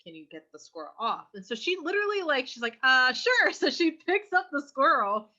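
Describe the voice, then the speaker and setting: A woman's voice: high-pitched, very animated, brisk, sharp tone. A young adult woman co-hosting a podcast, telling a rambling anecdote full of fillers in casual chat. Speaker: podcast co-host. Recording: slightly dull lo-fi mic.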